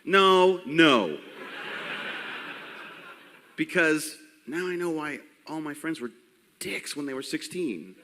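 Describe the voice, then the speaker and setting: Man in his forties, bright cracking voice, lively comic panel host, echoey hall. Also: fairly high pitch, takes it slowly, pauses often, a little hiss or hum. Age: 40s. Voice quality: voice cracking, unsteady. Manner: joking, rambling, crude. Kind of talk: comedic live panel talk. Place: convention stage before a crowd. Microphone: handheld mic.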